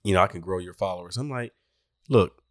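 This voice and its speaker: A man's voice: low-pitched, very fast, fairly bright tone, dry recording, clean studio sound. A man hosting a podcast, upbeat and grateful, laughing often as he wraps up the show. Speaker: podcast host. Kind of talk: casual podcast chat and outro.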